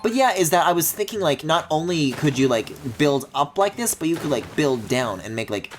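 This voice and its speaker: A man streaming a video game, thinking aloud in a low mumble and breaking into high, excited squeals and mock-outraged swearing. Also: normal speed, slight background noise. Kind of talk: live-streamed gameplay commentary.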